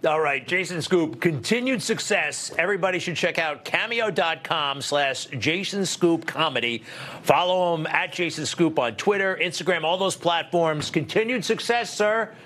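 A man's voice: on the high side, normal speed, a bit bright. A man hosting a TV news show, interviewing a guest in a casual, chatty way and laughing easily. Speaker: TV news host.

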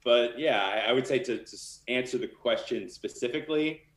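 A man's voice: mid-range voice, moderate pace, roomy sound. A man talking casually and candidly as a guest in an interview, with lots of fillers. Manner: loose and candid, many fillers. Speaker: literary manager.

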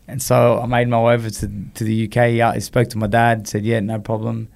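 An Australian man talks as a guest in a relaxed chat. He tells his stories with energy, slipping into the voices of the people he quotes. His voice sits at an ordinary, middle pitch. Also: a little fast, vocal fry, hardly any pauses. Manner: animated, acts out quoted dialogue, frequent "you know". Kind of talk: casual storytelling in conversation.

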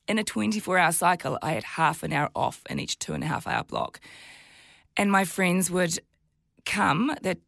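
A New Zealand woman in her forties, a guest on a talk show, telling her own story in an animated way and jumping up in pitch when she quotes herself. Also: a little slow, creaky, dry recording, clean studio sound. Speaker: guest, TV presenter and mother of twins. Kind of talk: candid interview chat.

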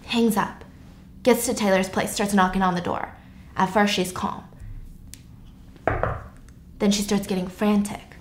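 A young woman casually retelling a novel's plot, chatty and expressive, slipping into character voices. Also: medium pitch, slight background noise. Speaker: podcast host retelling a novel. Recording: echoey room.

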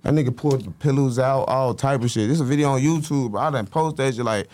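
A man telling stories as an interview guest in a casual, slangy, animated way. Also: mid-range voice, fast talker, no echo. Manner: animated, slangy, acts out quotes.

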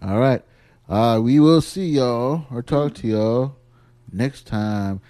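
A man chats loosely on his podcast. He laughs as he tells the tale and slips into impressions of his wife, at a middle pitch. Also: takes it slowly, warm tone. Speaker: podcast host. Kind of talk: casual chat.

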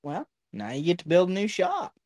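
A man's voice: sits high, huge pitch swings, normal speed, darkish tone. A man hosting a casual chat, profane, laughing often. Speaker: podcast host.

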